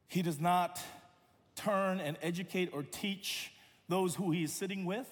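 High-voiced preacher in a reverberant church. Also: male voice. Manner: dynamic preaching, swings from loud emphasis to hushed low delivery. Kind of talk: sermon. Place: church sanctuary. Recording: long hall reverb.

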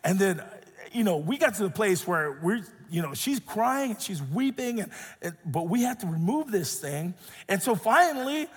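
A man in his thirties preaching a sermon and telling a personal story, animated and acting out the voices in it. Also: high-pitched, normal speed, breathy edge, long reverb tail. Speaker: pastor.

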